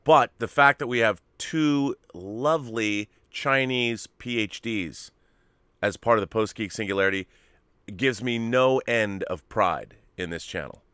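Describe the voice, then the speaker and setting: An American man co-hosts a casual chat and keeps jumping in with jokes and tangents. His voice is lowish but bright and crisp. The sound is very dry and close, with no room echo. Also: unhurried. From United States. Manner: enthusiastic, riffing, jokey asides. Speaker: co-host. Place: home studio in Hollywood.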